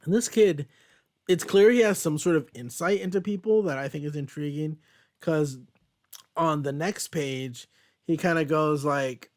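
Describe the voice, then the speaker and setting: A young man hosting a comic book podcast, chatting casually and laughing often. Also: a little slow. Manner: casual, laughs often, reads quotes in a low flat voice. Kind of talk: casual chat, reading comic lines aloud.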